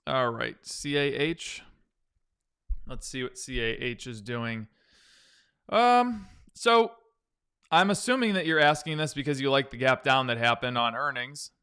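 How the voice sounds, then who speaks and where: A male stock-trading streamer casually analyzes charts live, chatting loosely through viewers' questions and often beginning his sentences again. He speaks unhurriedly in a mid-range voice that is sharp in tone yet smooth.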